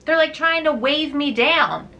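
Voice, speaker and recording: A woman book vlogger telling a story in a casual, animated way, laughing often. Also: sits high, unhurried, highs cut off. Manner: chatty, animated, laughs often, many fillers.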